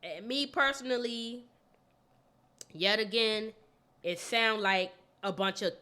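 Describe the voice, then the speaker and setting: Woman podcast cohost, blunt and animated, bright crisp voice, cusses a lot. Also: a little high, takes it slowly. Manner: blunt, animated, swears freely. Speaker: podcast co-host. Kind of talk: casual chat.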